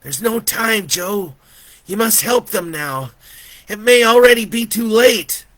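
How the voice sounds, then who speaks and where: A man voicing an urgent, ghostly little boy who speaks with slow, solemn insistence. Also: high-pitched, expressive, fairly bright tone, dry recording, voice pushed up. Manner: pleading, commanding, slow and emphatic.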